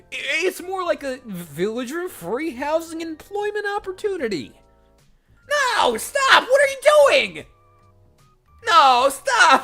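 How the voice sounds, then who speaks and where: Brief: a voice actor voicing a bratty show-off game hero, high, yelling and bouncing all over, goofy whine. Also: full character voice. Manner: loud, boastful and whiny. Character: immature goofy show-off young man.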